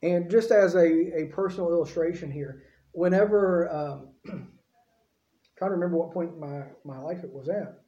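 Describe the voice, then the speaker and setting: A man's voice: on the high side, normal speed, warm tone, reverberant, muffled recording. A man preaching a sermon in a folksy, conversational way, with frequent asides to the congregation.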